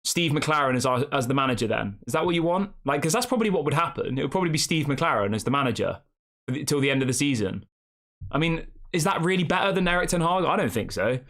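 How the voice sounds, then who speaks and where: A man's voice: fairly high pitch, expressive, fast, fairly bright tone. A man hosting a fan channel live stream, rambling casually and reacting to the chat with rhetorical questions.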